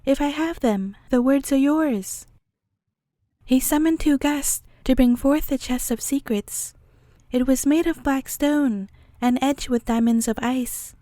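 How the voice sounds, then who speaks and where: A woman storyteller reading a fairy tale aloud at bedtime, calm and measured. Her voice is high yet mellow, recorded close and dry. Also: no echo.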